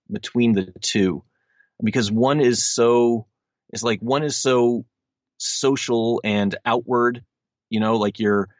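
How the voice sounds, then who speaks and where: A man in his thirties with a lowish voice talks earnestly about his work, circling back and restarting his sentences. The sound is dry and a little dull, like a lo-fi recording. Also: dry recording. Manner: earnest, rambling with frequent restarts. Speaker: audiobook narrator guest. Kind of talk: casual interview chat.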